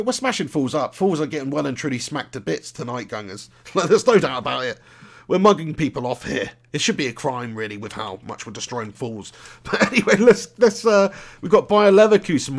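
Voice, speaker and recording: A gaming streamer from southern England speaks a little fast in a fairly high, very animated voice. He chats casually and laughs often while commentating his live game stream.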